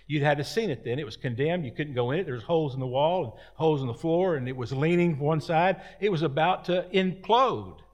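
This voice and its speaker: A man's voice: on the high side, brisk, hardly any pauses, muffled recording. A man preaching a sermon as pastor, folksy and rambling, with repeated words and chatty asides.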